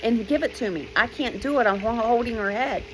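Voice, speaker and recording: An urgent woman school worker , as a woman storyteller puts her on, barks quick orders in a raised voice. She sounds pressed and focused. A faint hiss sits underneath. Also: on the high side, a bit bright, natural voice, rough recording.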